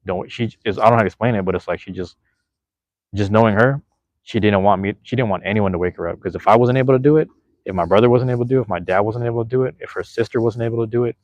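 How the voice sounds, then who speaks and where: A man's voice: lowish voice, no room sound. A man in his thirties, a podcast host, rambling and swearing casually while reading chat, with many restarts.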